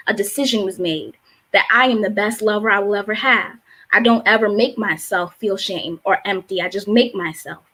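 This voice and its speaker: A woman's voice: medium pitch, pushed and bright. A woman in her twenties with a Baltimore accent, a spoken word poet with a rhythmic, emphatic delivery on a live-streamed show. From Baltimore, USA. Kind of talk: spoken word performance and casual chat. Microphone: streaming on a live online show.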